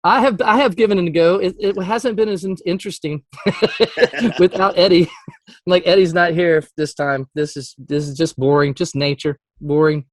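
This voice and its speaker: A man who is a Christian music artist, telling a story in a casual interview. He acts out quotes with sudden jumps in pitch and laughs often. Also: steady tone, normal speed, no echo.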